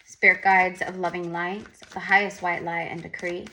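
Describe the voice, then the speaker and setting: Bright, chatty woman tarot reader, rambling and repetitive. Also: on the low side, normal speed, slight background noise. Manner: rambling, repetitive, animated asides. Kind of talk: casual spoken tarot reading.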